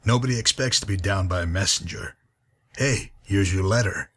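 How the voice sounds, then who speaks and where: Game NPC: man playing a husky, low-voiced, weary wasteland guide. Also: moderate pace, a bit bright, heavily acted. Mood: weary, dry. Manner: dry, weary, patient. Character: gruff grizzled male wasteland guide. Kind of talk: game character dialogue.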